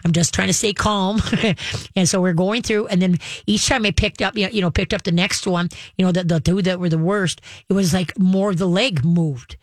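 Steady in tone and speaking at normal speed, a woman with a fairly low pitch relates a long, casual story, rambling with lots of fillers and restarts. The audio is clean studio quality, no echo.

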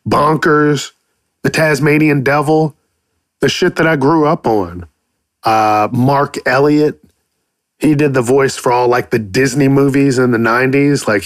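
A man's voice: medium pitch, no room sound, studio quality. Profane, rambling male podcaster. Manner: profane, rambling, playful silly voices. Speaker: podcast host. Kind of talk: casual solo podcast monologue.

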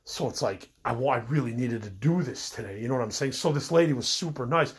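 A man's voice: mid-range voice, lively intonation, quick pace, slightly rough. A middle-aged man with a cold, rambling and venting his frustrations in a casual personal monologue, full of fillers and restarts. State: sick with a cold. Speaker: podcast host.

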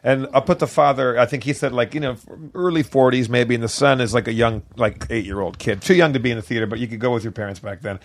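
A man casually telling a long funny anecdote on a podcast, laughing often and bursting into loud impressions. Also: mid-range voice, fast talker, gravelly, hardly any pauses. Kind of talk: casual podcast chat, storytelling.

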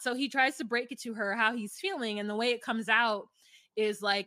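A woman's voice: on the high side, brisk, pushed and bright, no room sound, studio quality. A woman co-hosting a casual recap podcast, blunt and profane, mocking the people she talks about and acting out rants. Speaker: podcast co-host.

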